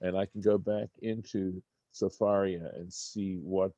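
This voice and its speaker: Man, low-pitched teacher reading and explaining Hebrew text, halting delivery, dry close-mic sound. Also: level tone, warm tone, no room sound, muffled recording. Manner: halting, thinking aloud, many restarts; reads Hebrew text, then translates into English. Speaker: Torah study teacher. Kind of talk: unscripted Torah study class.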